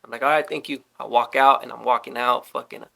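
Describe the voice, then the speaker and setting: A young man casually telling a story, animated and swearing often as he acts out what people said. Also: medium pitch, quick pace, gravelly. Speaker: storyteller guest.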